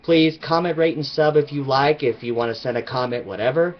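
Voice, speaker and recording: A man with a mid-pitched voice gives a rambling, emphatic opinion rant to his camera. He leans hard on repeated words. The sound is muffled and lo-fi, like a cheap home mic. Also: fairly quick. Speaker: vlogger.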